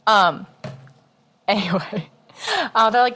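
A woman's voice: fairly low pitch, moderate pace. A young woman co-hosting a podcast in casual chat, blunt and sweary, laughing often and acting out what others said. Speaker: podcast co-host.

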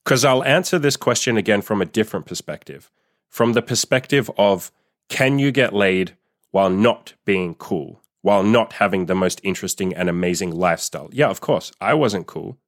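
A man with a low voice talks straight at the listener in a podcast monologue. He is blunt and emphatic, swears freely, and mimics other people in a mocking tone. The sound is dry and close. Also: no echo. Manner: acts out quoted dialogue in a higher mocking voice. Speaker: dating coach.

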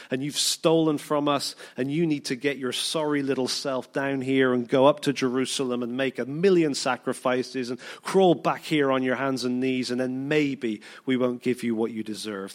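A British man delivers a sermon with lively storytelling, bringing the people in the story to life by acting out their words. His voice sits at an ordinary middle pitch, and he sometimes stumbles and repeats a word as he speaks. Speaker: preacher.

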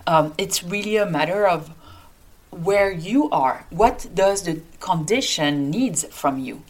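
A woman's voice: lowish voice, lively intonation, takes it slowly. A woman physician with a French accent, hosting a solo podcast in an earnest, hopeful way with many fillers. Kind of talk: casual solo podcast talk.

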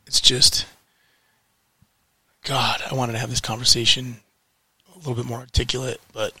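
A man ranting in a frustrated vlog, heated and swearing, repeating phrases for emphasis with weighty pauses. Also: medium pitch, flat delivery, bright, forceful tone, breathy edge, dry recording. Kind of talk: frustrated political rant to camera.

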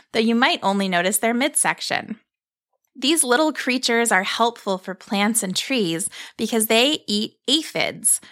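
A woman narrating a gentle story in a calm, explanatory way, stopping to explain things as she goes. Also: a little high.

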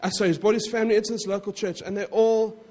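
High-voiced pastor preaching in a church hall. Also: male voice, steady tone, racing, dark tone. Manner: conversational, self-correcting, frequent asides to the congregation. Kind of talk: sermon.

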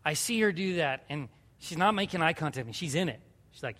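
A high-pitched man in his thirties delivers an earnest, conversational sermon from the pulpit. He tells personal stories plainly, then rises into fervent appeals. His voice rings with a long reverb in a large church hall. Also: animated, fairly quick, a bit bright. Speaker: pastor. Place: church sanctuary.

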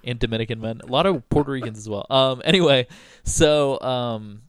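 A man's voice: mid-range voice, moderate pace, clean tone, no echo, clean studio sound. A young man hosting a podcast who tells a story casually, rambling with lots of "like" and "um" and casual swearing. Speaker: podcast host.

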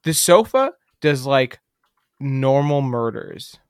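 Easygoing young man, mid pitch. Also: very animated, takes it slowly, smooth, dry recording, studio quality. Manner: easygoing, blunt, jokey. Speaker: podcast co-host. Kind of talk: casual movie-review chat.

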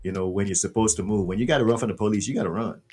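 A man talking as a podcast guest, animated and full of rhetorical questions, swearing freely. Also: on the low side, rapid-fire, far from the mic, soft background music. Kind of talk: casual podcast interview.

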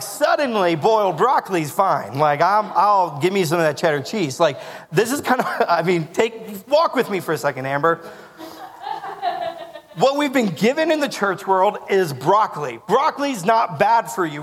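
Pastor with a slightly high, reverberant voice. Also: male voice, a bit bright. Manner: conversational preaching with jokes and questions to the congregation. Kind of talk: sermon.

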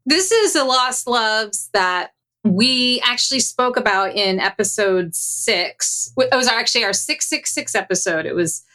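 A woman hosting a comedy podcast, casually recapping a story with laughs and animated retelling. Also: fairly high pitch, unhurried. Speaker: podcast host.

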